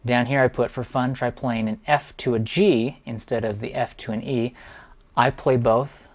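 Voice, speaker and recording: A man's voice: mid-range voice, fairly even intonation, normal speed. Enthusiastic man explaining piano pieces. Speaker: piano teacher. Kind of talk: instructional walkthrough.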